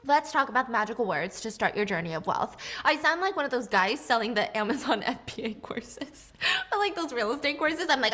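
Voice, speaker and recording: A woman's voice: sits high, animated, brisk, a bit bright. A woman video creator talking to her viewers in a chatty, bubbly and playful way. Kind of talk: chatty vlog talk.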